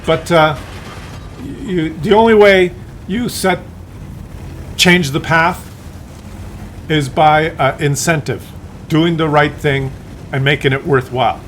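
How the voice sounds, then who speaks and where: Man, profane rant, rambling with fillers and restarts, slightly high voice, faint background noise. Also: takes it slowly, pauses often, fairly bright tone. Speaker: streamer. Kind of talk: profane ranting monologue.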